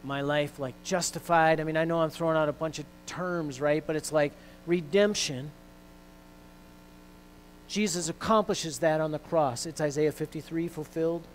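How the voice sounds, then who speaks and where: Male pastor, slightly high voice, casual preaching style with ums and restarts, soft mains hum under the mic. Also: fairly even intonation, moderate pace, low-quality recording. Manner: conversational preaching with fillers, rising intensity when quoting scripture. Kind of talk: sermon.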